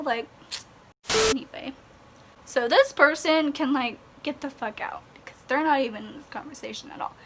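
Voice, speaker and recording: A woman's voice: sits high, normal speed, fairly bright tone, slight background noise. A young woman ranting in a vlog, exasperated and sarcastic, sighing and swearing. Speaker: vlogger.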